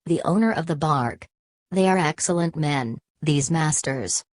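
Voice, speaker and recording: A woman's voice: low voice, lively intonation, a little slow, no room sound. A woman reading as an ancient weary ghost hunter. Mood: solemn.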